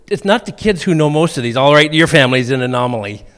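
A middle-aged man preaching a sermon, telling funny stories in a lively way. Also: mid-range voice, brisk. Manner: humorous storytelling, animated. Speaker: pastor. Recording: long reverb of a church hall.

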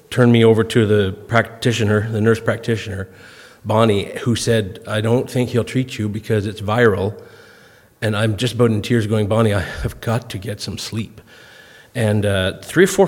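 A man in his fifties with a fairly low voice speaks as a guest to a congregation, telling humorous, self-deprecating stories in a folksy style. He clears his throat now and then while recovering from a cough, and a long hall reverb surrounds his voice.

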